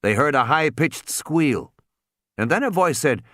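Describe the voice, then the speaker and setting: A man reading an audiobook aloud in an expressive, dramatic narration. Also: a little high, a little slow, no room sound, clean studio sound. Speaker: audiobook reader. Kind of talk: scripted narration.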